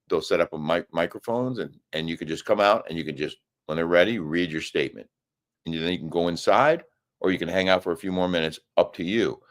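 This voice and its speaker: A middle-aged man co-hosting a live show from a hotel room, chatting casually, reading viewer comments and arguing his points with emphatic bursts. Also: low voice. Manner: animated, emphatic, argumentative bursts. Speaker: co-host of a live daily show.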